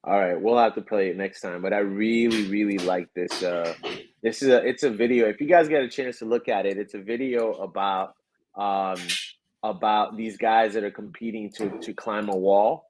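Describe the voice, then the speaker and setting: A man's voice: fairly low pitch, moderate pace. A man hosting a video call, chatting casually as he shares his screen and hypes up a clip. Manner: excited, repetitive hype, shouting over clip. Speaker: podcast host. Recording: loud crowd and noise from the played clip.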